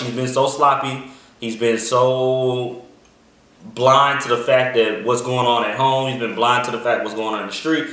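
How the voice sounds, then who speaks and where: A man's voice: medium pitch, pushed and bright. A man co-hosting a casual TV review chat, rambling with lots of ums and restarts. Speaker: podcast co-host. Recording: echoey room, mic far off.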